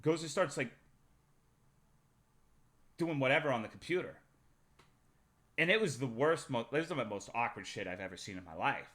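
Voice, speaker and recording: A male streamer telling a rambling, profane personal story to his live chat, swinging between loud bursts and muttering. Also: mid-range voice, expressive, normal speed, long pauses. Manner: profane, rambling anecdote with big swings in loudness.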